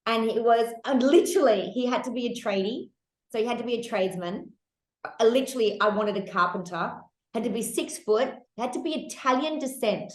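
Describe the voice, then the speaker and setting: A woman hosting a candid, casual podcast chat, animated and laughing, with casual swearing. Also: fairly high pitch, a little fast, reverberant. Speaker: podcast host.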